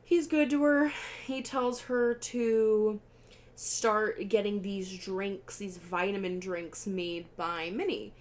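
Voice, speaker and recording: A young woman co-hosting a podcast, casually recapping a film in an animated way, acting out the characters' lines and swearing freely. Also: medium pitch, slow. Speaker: podcast co-host.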